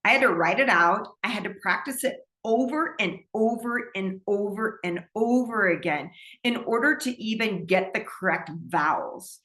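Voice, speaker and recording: A woman's voice: medium pitch, lively intonation, moderate pace, sharp tone. A woman, a speech pathologist, giving a recorded presentation in an explanatory teaching manner with light laughs. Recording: echoey room.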